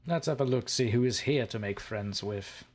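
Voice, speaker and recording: A man's voice: mid-range voice, normal speed, a little mellow. A man hosting a let's play, joking and sarcastic as he talks to the creatures in the game. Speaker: gaming channel host.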